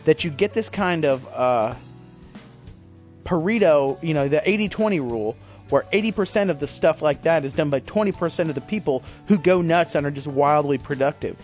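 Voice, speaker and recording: A man talking through a casual podcast monologue, rambling and poking fun at himself, with a voice pitched a bit higher than most men. He swears freely as he goes, and faint music sits under his voice. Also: expressive, moderate pace, darkish tone. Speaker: podcast host.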